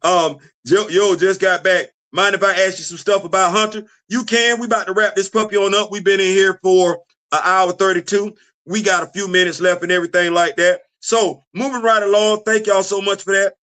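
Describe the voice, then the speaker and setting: A middle-aged man hosting a casual livestream chat, animated and laughing often as he answers his audience. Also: high voice, a little fast. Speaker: host.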